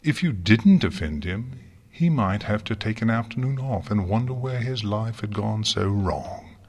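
A man voicing a gracious, fond royal princess with a gently teasing manner in a storybook reading. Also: fairly low pitch, expressive, a little slow.

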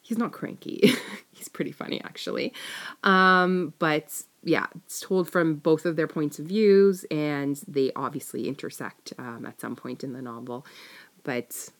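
A woman's voice: deep voice, measured pace. A young woman chatting casually to camera, rambling and giggling as she answers tag questions. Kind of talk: casual chat.

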